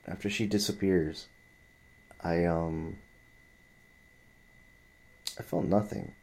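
A man's voice: low-pitched, fairly even intonation, takes it slowly, a little mellow. A man in his twenties telling a story in a heated, profane, rambling rant. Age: 20s.

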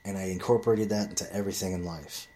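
A man's voice: low-pitched, fairly even intonation, fast talker, warm tone, a little hiss or hum. A man giving a casual monologue about dating and gym lessons, rambling and swearing a lot as he tells stories. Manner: rambling storytelling with heavy swearing.

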